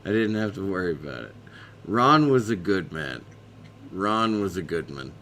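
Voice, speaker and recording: A man telling a personal story on a group live stream, halting and restarting. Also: low voice, animated, fairly bright tone, a little hiss or hum. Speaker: stream guest, former landlord. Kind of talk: casual anecdote on a live stream.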